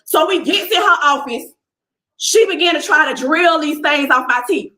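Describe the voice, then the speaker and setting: A woman with a high, bright voice tells a personal story in the first person, speaking at a moderate pace in an echoey room. She's animated, addresses viewers as "y'all," and acts out what people said.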